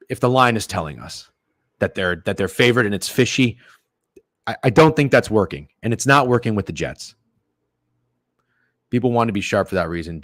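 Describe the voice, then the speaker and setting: Male streamer, low-voiced, profane and opinionated, loud outbursts, dry close sound. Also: no room sound. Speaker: sports betting stream host. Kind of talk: casual livestream rant and chat reading.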